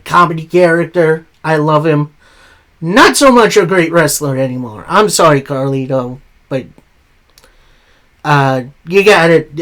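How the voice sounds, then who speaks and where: A man hosting a casual weekly wrestling recap, retelling the action play by play with frequent filler pauses. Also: a little high, fairly bright tone. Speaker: wrestling show recap host.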